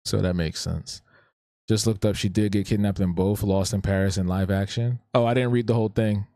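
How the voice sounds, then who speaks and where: A man's voice: fairly low pitch, fairly even intonation, a little fast, warm tone, dry recording, clean studio sound. A man hosting a live drawing stream, chatting casually in a laid-back, slangy way and often repeating his phrases. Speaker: live-stream host and artist.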